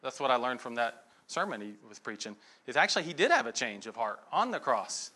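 A man's voice: mid-range voice, sing-song, fairly quick, sharp tone, husky. A middle-aged man giving a conversational sermon, telling stories and checking in with frequent asides to the listeners.

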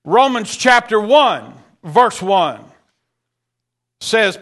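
A man preaches with a high, bright, forceful voice and lots of animation. He reads scripture aloud in King James language and drives his points home by drawing out words for emphasis.

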